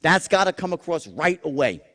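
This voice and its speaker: High-pitched, lively male sales trainer, profane, swings into whispers, reverberant hall. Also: normal speed. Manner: animated, profane, acts out tones with sudden whispers. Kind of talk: live seminar talk. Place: large seminar room.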